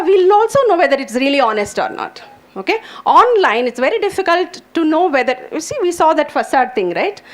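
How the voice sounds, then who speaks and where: A middle-aged woman, an English professor, giving an earnest lecture to students and speaking to them directly. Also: high-pitched. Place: lecture hall.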